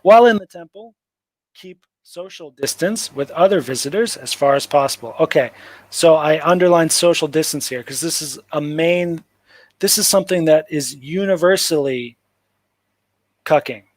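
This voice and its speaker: Male streamer, sarcastic and mocking, fairly high voice, dry untreated sound. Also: normal speed, no echo, poor audio. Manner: sarcastic, mocking, rambling with many "like" fillers. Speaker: livestream host. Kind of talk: casual livestream commentary. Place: home livestream setup.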